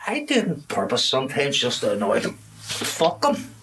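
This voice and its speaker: An actor playing a grumpy, swearing middle-aged working-class dad with a Belfast accent, grumbling about lockdown rules. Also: male voice, medium pitch, wildly swooping pitch, normal speed, creaky, noisy background. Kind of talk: comedy drama acting.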